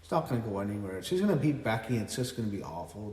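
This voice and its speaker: A man giving a blunt, casual spoken review of a wrestling show, swearing freely and getting loudly exasperated. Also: on the low side, very animated, fast talker. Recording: echoey room with long reverb.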